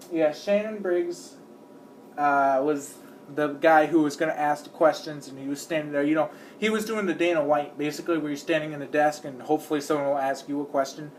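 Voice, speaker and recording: A man with a somewhat high voice rambles through casual commentary, leaning on fillers. He breaks into quick impressions of the people he talks about. A faint hum of noise sits behind him. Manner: acts out the people he describes. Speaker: video creator.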